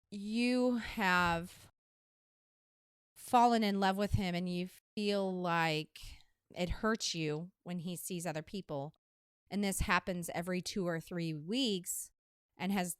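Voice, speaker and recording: Smooth-voiced woman podcast host from Missouri. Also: fairly low pitch, fairly bright tone, no echo, clean studio sound. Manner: emphatic, candid advice with playful teasing. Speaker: dating advice podcast host. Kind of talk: casual advice chat.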